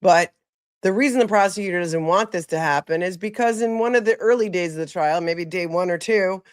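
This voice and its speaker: A woman's voice: on the low side, brisk, clear, resonant tone, no room sound, studio quality. A woman attorney giving sarcastic, wry live commentary on a trial.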